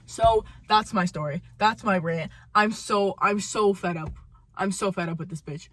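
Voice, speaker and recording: A woman's voice: normal speed, a bit bright. A young woman telling a storytime rant about a coworker, heated and profane, repeating lines for emphasis. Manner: mimics coworker in high sing-song voice. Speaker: vlogger telling a work story.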